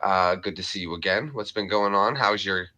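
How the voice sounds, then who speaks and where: An upbeat male stream host greets viewers by name and reads out their messages with a jokey edge. His voice is on the low side. It has a strikingly bright, forceful tone. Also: normal speed. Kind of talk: casual live-stream chat.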